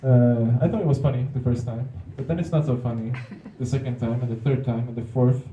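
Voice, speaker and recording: Dark-voiced man telling stories. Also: mid-range voice, fairly even intonation, fairly quick, slight background noise. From Sweden. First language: Swedish. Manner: amused, often laughs, acts out other people's lines. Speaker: speaker at a public talk. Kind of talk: anecdotal storytelling. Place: hall at a museum talk. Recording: roomy, distant, dull hall recording.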